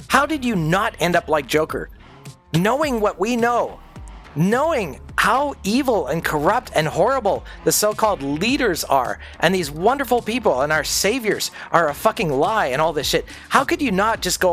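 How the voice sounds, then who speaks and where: A man's voice: high voice, big pitch swings, normal speed, fairly bright tone, soft background music. A middle-aged man streaming a game, ranting in a profane, sardonic way during casual chat. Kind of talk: casual chat while gaming.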